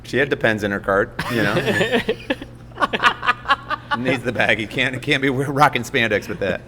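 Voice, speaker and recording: A man's voice: medium pitch, very animated, slow, sharp tone, big-room sound, slight background noise. A man, a podcast guest, telling a story in a self-mocking way and laughing often. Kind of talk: casual storytelling.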